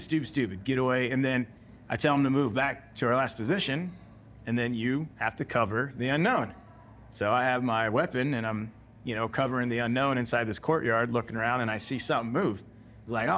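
American guy, middle-aged, casual war storyteller who acts out his own past lines, mid pitch. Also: fairly bright tone. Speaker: guest, military veteran. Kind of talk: personal war story told in conversation.

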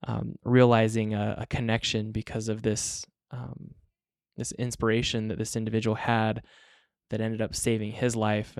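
A man hosting a podcast, talking in a relaxed, hesitant way with many fillers. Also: lowish voice, creaky, smooth, no echo, clean studio sound. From Utah. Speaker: podcast host. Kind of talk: casual podcast conversation.

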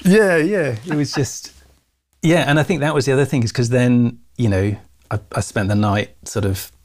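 A man, a guest telling his life story in a casual interview, animated, acting out the people in it. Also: mid-range voice, normal speed. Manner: animated, laughs often, acts out quoted voices.

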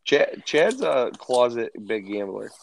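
A man co-hosting a casual podcast, profane and animated as he tells stories. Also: mid-range voice, slow, gravelly. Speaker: podcast co-host. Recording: dull lo-fi sound.

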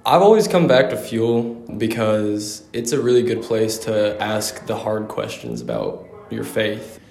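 A man's voice: lowish voice, sing-song, measured pace, vocal fry, darkish tone, roomy sound. An eighteen-year-old young man from Arkansas, talking in a straightforward way.

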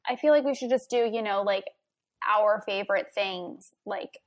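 A young woman co-hosting a podcast, chatting playfully with quick laughs. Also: mid-range voice. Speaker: podcast co-host. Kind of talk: casual chat.

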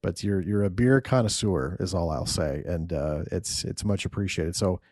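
Male podcast host, deep-ish, casual and profane, dry mic. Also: moderate pace, a little mellow, dry recording. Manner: loose and profane, laughs often.

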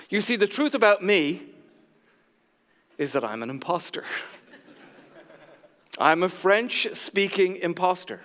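High-voiced joking male pastor. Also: normal speed, a bit bright, in a large hall. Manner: jokey, self-mocking storyteller. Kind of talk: sermon. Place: church sanctuary.

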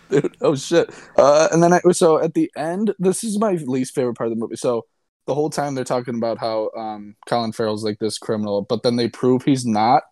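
A man's voice: mid-range voice, fairly quick, darkish tone, no echo, clean studio sound. A young man casually and sarcastically recapping a movie he disliked, rambling and swearing as a podcast co-host. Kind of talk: casual chat.

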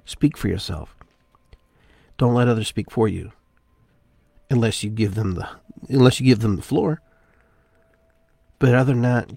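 A man hosting a spiritual podcast, talking in an unhurried, musing way and repeating phrases with shifting inflection. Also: on the low side, gravelly, a little mellow, dry recording. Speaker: podcast host. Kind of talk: reflective spiritual monologue.

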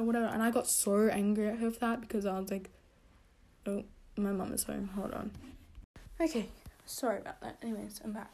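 A young woman hosting a casual podcast rant, rambling with many fillers and self-corrections, getting animated as she tells a story. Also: a little fast. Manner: animated storytelling, pitch jumping when excited. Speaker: podcast host.

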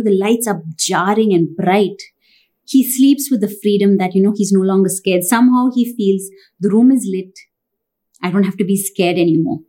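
A woman's voice: medium pitch, warm tone. A woman in her thirties preaching a sermon, earnest and putting direct questions to her listeners.

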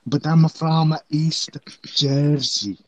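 A man's voice: on the high side, very slow, highs cut off, a little hiss or hum. A New man voicing a self-styled East Jersey man who speaks in broken English and keeps insisting on where he is from. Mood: exasperated. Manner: mangled English, insistent, deadpan turning exasperated.

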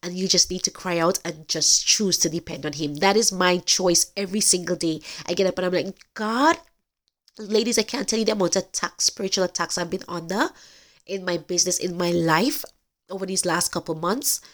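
A woman's voice: lowish voice, a little fast. A woman hosting a podcast, giving an earnest, emphatic faith-based talk straight to her listeners. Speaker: podcast host.

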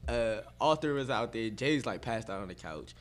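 A man telling a story in casual chat, animated and profane, often breaking into laughter. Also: lowish voice, moderate pace.

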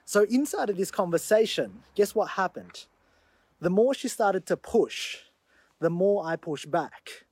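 A man hosting his own show, telling a story in an animated monologue that grows loud when he retells the confrontation. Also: high-pitched, a little slow, slightly rough, no room sound. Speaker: podcast host.

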